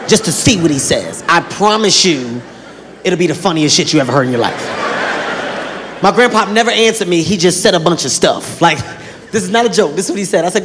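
A man doing stand-up comedy in an animated, conversational way. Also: high voice, fast, background noise. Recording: stage in a hall with crowd.

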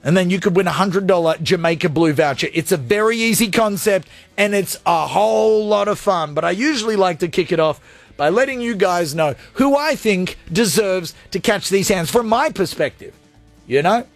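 A man hosting a call-in radio segment, ranting with energy and then talking softly and from the heart. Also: high voice, moderate pace, no echo, faint music behind. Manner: energetic, rants loudly, then goes soft and heartfelt. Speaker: radio host.

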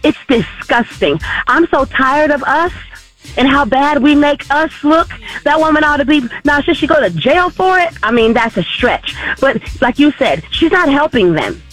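A woman's voice: high voice, expressive, normal speed, fairly bright tone, faint music behind, rough recording. A woman calling in to a radio talk show, scolding and indignant. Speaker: caller. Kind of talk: phone-in rant.

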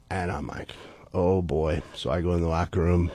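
A middle-aged man, a former baseball player, telling stories as a guest in casual talk, animated and acting out the people he quotes. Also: deep voice, normal speed. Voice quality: gravelly, husky. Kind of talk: casual storytelling.

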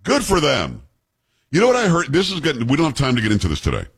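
A male radio talk show host chatting on air in an animated, joking way. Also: mid-range voice, racing, slightly rough. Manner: animated, joking, thinks aloud. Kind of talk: casual on-air chat.

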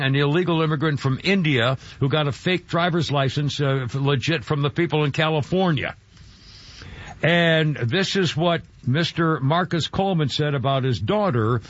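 Male talk-radio host, husky, raised pitch, rambling and halting, muffled broadcast sound. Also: no echo. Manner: rambling, halting, full of fillers.

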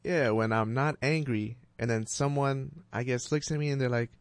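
A man's voice: medium pitch, steady tone, moderate pace, dry recording. Wry male radio co-host. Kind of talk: call-in radio talk.

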